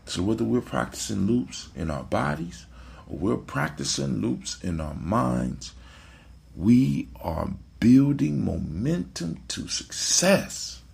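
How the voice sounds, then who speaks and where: A man's voice: mid-range voice, very animated, slow pace, creaky, a little mellow. A man hosting a casual motivational talk, preachy, repeating his phrases and checking in with "right?". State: sleepy, yawning. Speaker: podcast host.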